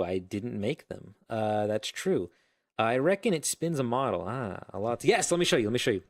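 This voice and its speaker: A man's voice: mid-range voice, big pitch swings, normal speed. A man streaming his game development live, thinking aloud in a rambling, self-interrupting way as he codes. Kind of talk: casual live-stream coding commentary.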